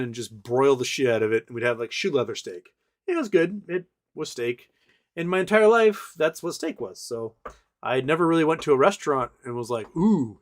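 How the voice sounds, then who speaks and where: Man in his 40s, livestream host, rambling storyteller, middle pitch, casual chat. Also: fairly bright tone. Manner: rambling storyteller, many fillers and restarts.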